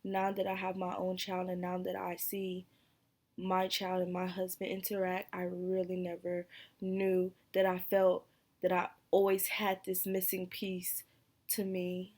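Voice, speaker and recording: Young woman vlogger, candid and emotional, level pitch with little movement, frequent sighs and hesitations. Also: completely flat delivery, a little slow, a little mellow. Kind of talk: personal vlog talking to camera.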